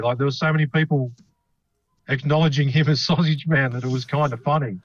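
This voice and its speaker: Man, casual podcast chat, rambling, enthusiastic, mid pitch, dull lo-fi sound. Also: steady tone, brisk, no echo. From Australia. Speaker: podcast co-host. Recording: dry, dull lo-fi podcast mic.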